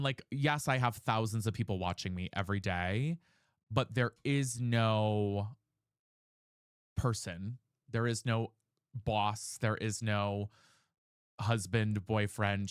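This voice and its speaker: A man livestreaming a candid casual chat, talking in an earnest, searching way with halting restarts. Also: fairly low pitch, clean tone, no room sound, studio quality.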